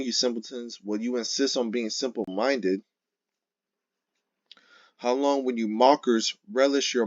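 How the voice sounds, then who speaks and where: A man giving an informal sermon, reading scripture verses slowly and then driving points home emphatically with frequent "okay?" and "right?". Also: medium pitch, dry recording, dull audio. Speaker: street-style scripture teacher.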